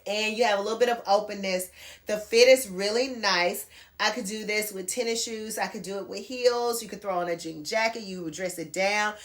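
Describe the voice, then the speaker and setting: A woman's voice: medium pitch, moderate pace. A middle-aged woman chatting casually through a clothing try-on haul, calling her viewers girl and y'all. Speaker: fashion vlogger. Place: home bedroom near a closet.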